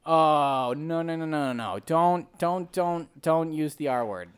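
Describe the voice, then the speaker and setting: A man riffing deadpan and mock-serious in improvised comedy banter. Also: fairly high pitch, unhurried, smooth.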